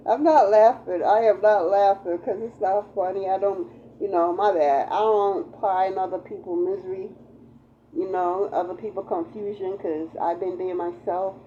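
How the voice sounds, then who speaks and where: A woman's voice: mid-range voice, fairly even intonation, normal speed, dark tone, muffled recording, slight background noise. A woman tarot reader giving a casual spiritual reading, talking in a profane, emphatic, repetitive way.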